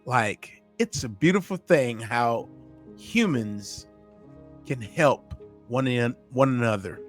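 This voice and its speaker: Earnest man with a lively voice reflecting. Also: medium pitch, takes it slowly, faint music behind. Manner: earnest, musing, speaks to viewers as "folks". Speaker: reaction channel host. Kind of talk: reflective reaction commentary.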